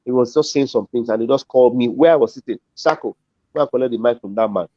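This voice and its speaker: A middle-aged man with a Nigerian accent tells a long story as a guest, acting out each person in it as he goes. His voice sits at an everyday pitch. The audio is dull and dry, with the lo-fi feel of a streamed call. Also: fast talker, dark tone, dry recording. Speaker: comedian and compere, interview guest. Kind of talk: storytelling in an interview.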